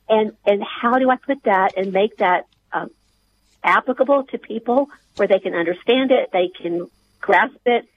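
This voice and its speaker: A woman's voice: medium pitch, phone-quality sound, slight background noise. Earnest woman guest on radio. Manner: earnest, hesitant, many fillers and restarts. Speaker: author and guest. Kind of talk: radio interview.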